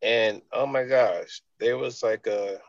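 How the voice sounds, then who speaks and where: A man's voice: mid-range voice, slow, no echo, muffled recording. A man, a fitness entrepreneur, telling a long personal story in an interview, loose and rambling with many fillers.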